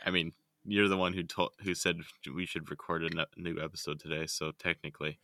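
Male co-host, very low yet bright voice, easygoing and sweary, dry close sound. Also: steady tone, a little fast, no room sound. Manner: laid-back, sweary, laughs a lot. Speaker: podcast co-host. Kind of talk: casual chat.

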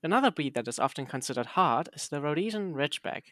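A man's voice: a little high, expressive, fast, fairly bright tone, dry recording. A man, a podcast host chatting casually and playfully reading text aloud.

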